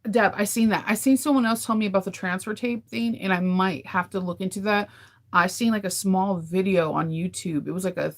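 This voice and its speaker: A woman's voice: mid-range voice, brisk. A woman from California hosting a casual livestream, chatting candidly with viewers and laughing often. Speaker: livestream host. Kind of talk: casual chat with live viewers.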